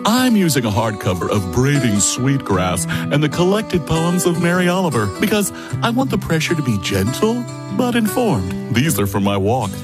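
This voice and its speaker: Man doing a soft-hearted flower-pressing guy, dreamy and fussy, sing-song lilt, loud guitar strumming behind. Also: mid-range voice, sing-song, moderate pace, natural voice. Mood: tender. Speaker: man in a parody campaign ad. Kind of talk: comic parody ad monologue. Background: acoustic guitar music.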